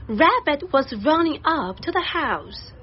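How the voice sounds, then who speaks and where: A woman reading a children's story aloud and pronouncing vocabulary words with slow, careful enunciation. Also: high voice, sing-song, highs cut off, slight background noise. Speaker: story narrator and vocabulary teacher.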